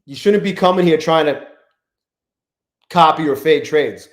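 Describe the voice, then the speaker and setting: A man's voice: fairly high pitch, unhurried. A young man hosting a live trading stream, chatting loosely and profanely while he greets viewers from the chat by name. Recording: echoey room.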